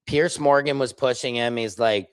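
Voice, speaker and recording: A man chats loosely on his livestream, jumping from point to point and slipping into mocking impressions. His voice sits at an ordinary middle pitch, and the sound is dry and close with no room echo. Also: moderate pace, clean tone. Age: adult, father of children. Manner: rambling, digressive, mocking impressions. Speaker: streamer, independent commentator. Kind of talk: casual livestream commentary. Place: home studio.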